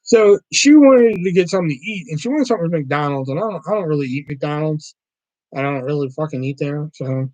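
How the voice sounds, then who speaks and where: Profane, rambling man with a higher voice. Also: fairly quick, no echo, poor audio. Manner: rambling, profane, heavy on filler words; animated storyteller. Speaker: livestream host. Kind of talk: casual livestream chat.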